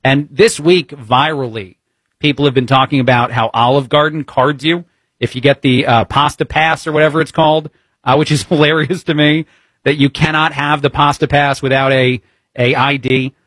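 A man's voice: a little high, fairly even intonation, normal speed, a bit bright, no echo. A man with a New Jersey accent, hosting talk radio as a fill-in host. He speaks in an opinionated, wry, conversational way with frequent fillers.

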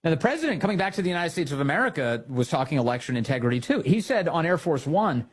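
A man's voice: fairly high pitch, sing-song, quick pace, hardly any pauses, breathy edge. A man hosting a political talk show, delivering indignant commentary full of sarcastic rhetorical questions.

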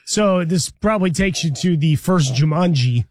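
Male co-host, high voice, dry sound, short wry interjections. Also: animated, moderate pace, a little mellow, no echo. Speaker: sports talk co-host. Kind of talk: casual sports chat.

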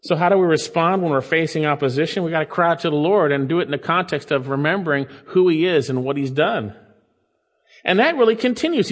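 A man preaching a sermon and reading scripture aloud, moving between emphatic, rising declarations and hushed, low asides. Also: big-room sound. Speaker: pastor.

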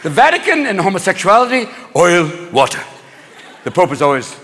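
Animated, profane stand-up comedian man. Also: sits high, a little fast. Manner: profane, animated, jumps into voices. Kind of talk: stand-up routine. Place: stage in a large hall. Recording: live hall with loud crowd. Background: laughing audience.

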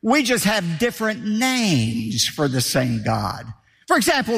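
A man's voice: high-pitched, huge pitch swings, measured pace, gravelly, fairly bright tone, husky, big-room sound. A man preaching a sermon as pastor, emphatic, asking rhetorical questions and hammering points home with repetition.

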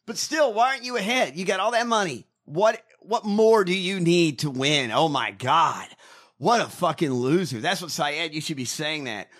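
Animated, profane man ranting. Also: on the high side, normal speed. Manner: profane, mocking, rants loudly. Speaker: podcast co-host. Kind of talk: casual political chat.

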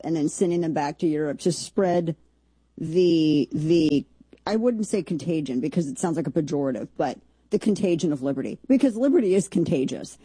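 A woman's voice: deep voice, mellow, husky, no room sound. A woman hosting a casual political commentary show, chatty and rambling, with sarcastic asides. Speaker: host.

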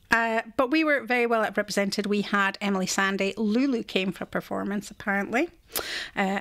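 A woman's voice: mid-range voice, fairly bright tone. A middle-aged Scottish woman presenting a radio show, chatting casually and laughing as she tells a story. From Scotland.

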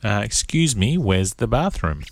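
A man hosting a radio segment, teaching phrases and pausing word by word so listeners can repeat. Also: lowish voice, big pitch swings, no echo. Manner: spells out phrases word by word for repetition. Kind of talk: slow language-lesson delivery.

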